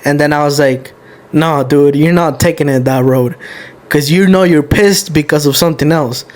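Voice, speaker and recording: A man's voice: a little high, moderate pace, a little mellow. A young man hosting a podcast, telling a personal story candidly and with emotion, swearing often. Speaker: podcast host. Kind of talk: casual podcast chat.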